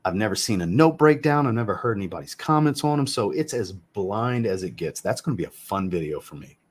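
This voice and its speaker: A man with a fairly low voice chats casually on a home livestream. He answers viewers in a blunt, joking way and swears freely. He sounds like a man in his thirties. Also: expressive, a little fast, husky. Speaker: fragrance reviewer hosting a live chat. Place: home room with a fragrance shelf.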